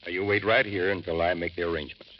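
A measured, formal businessman with a very low voice, as a man plays him. He comes through a dull, lo-fi radio broadcast. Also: fairly even intonation, loud music behind the voice, lightly acted. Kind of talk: 1940s radio acting.

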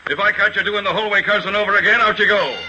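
A man's voice: sits high, steady tone, rapid-fire, bright, forceful tone. A man voicing a blunt, bossy hotel house detective on a noisy old radio recording.

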